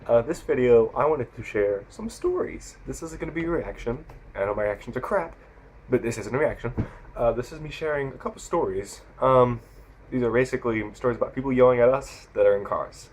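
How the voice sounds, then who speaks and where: Fast-talking teenage boy vlogger. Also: mid-range voice, a little hiss or hum, low-quality recording. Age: teens. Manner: rambling, self-correcting, animated retelling. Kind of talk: casual storytelling to camera. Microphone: camera mic.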